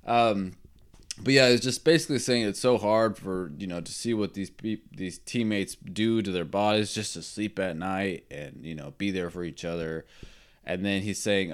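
A man with a fairly low voice talks football on a podcast. His delivery is loose and rambling, full of fillers and strong opinions. He chuckles now and then at his own remarks. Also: normal speed, clear, resonant tone. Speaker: podcast host. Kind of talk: casual sports talk.

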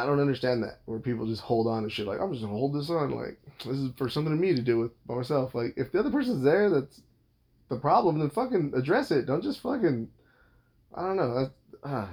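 A man's voice: mid-range voice, darkish tone. A young adult man hosting a podcast, talking in a casual, rambling monologue with a blunt manner and a lot of swearing. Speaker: podcast host.

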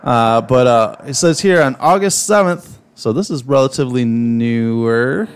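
A man's voice: mid-range voice, moderate pace, slight background noise. Rambling, swearing man reading a story. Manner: swears often, rambling with fillers. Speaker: podcast co-host. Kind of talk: casual chat, reading a story aloud.

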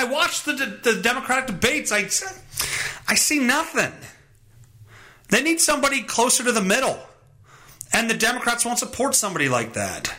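A man's voice: high-pitched, bright, forceful tone. A man hosting a solo podcast, reading news stories aloud in a profane, sarcastic, rambling comedic rant. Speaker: podcast host.

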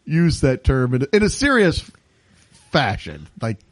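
A man's voice: mid-range voice, a little slow, no echo. A man hosting a podcast, telling stories in casual chat and laughing often. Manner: laughs often, animated storytelling. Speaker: podcast host.

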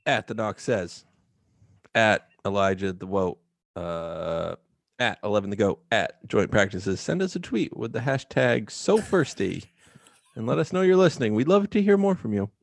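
A man co-hosting a casual podcast, blunt and profane with a deadpan edge. His voice is gravelly and lively in pitch. The recording is dry and close. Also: normal speed, no echo. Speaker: podcast co-host. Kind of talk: casual chat.

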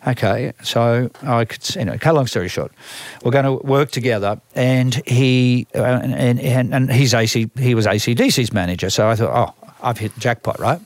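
This Australian man speaks at medium pitch and a normal speed, and there's no echo on the recording. In a storytelling conversation, he shares lively tales from managing musicians, performing other people's lines in their voices and frequently starting sentences over.

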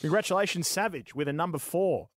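A man's voice: fairly high pitch, lively intonation, brisk, over music. An Australian man hosting a gaming stream in a rambling, upbeat, casually swearing manner. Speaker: host of a gaming show stream. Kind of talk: casual live-stream chat and giveaway hosting.

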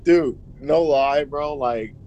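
A man's voice: a little high, slow pace, dark tone, muffled recording. A man co-hosting a true crime podcast, talking in a casual, slangy way and laughing often. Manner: laid-back, laughing, slangy. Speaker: podcast co-host. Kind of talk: casual chat.

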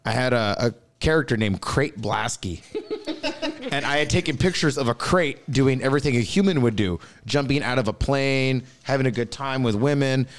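A man's voice: mid-range voice, normal speed. A man telling rowdy stories in a casual podcast chat, swearing and laughing as he goes. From Southern California.

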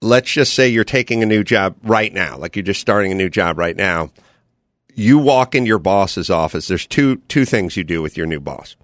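A man's voice: deep voice, lively intonation, moderate pace, no room sound. Man riffing bits in a dry studio. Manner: tells stories by acting out quoted bits. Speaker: podcast host. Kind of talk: casual comedic studio chat.

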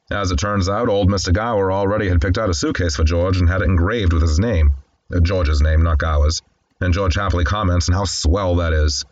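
A man's voice: deep voice, darkish tone, dry recording, highs cut off. A man casually recapping a classic film, candid and conversational with wry asides. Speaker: film commentator.

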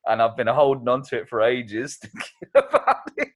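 A man's voice: medium pitch, wildly swooping pitch, normal speed, breathy edge. A man co-hosting a casual podcast, full of banter, laughing at his own jokes and tripping over his words as he rambles. His voice sits in a middle register. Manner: jokey, laughs often, rambling with restarts. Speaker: podcast co-host. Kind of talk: casual comedic podcast chat.

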